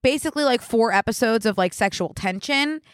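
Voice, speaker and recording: A woman's voice: fairly high pitch, expressive, brisk, dry recording, clean studio sound. A woman in her twenties, from the Philadelphia area, co-hosting a podcast in casual chat, full of "like" fillers. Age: 20s. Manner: chatty, lots of fillers like "like". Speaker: podcast co-host. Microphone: studio mic.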